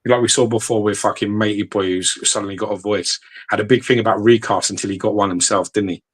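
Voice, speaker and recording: A man talking bluntly on a podcast, swearing freely and telling stories with animated, mimicking asides. His low voice has a husky edge. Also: fast talker. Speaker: podcast co-host. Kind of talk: casual chat. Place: podcast studio.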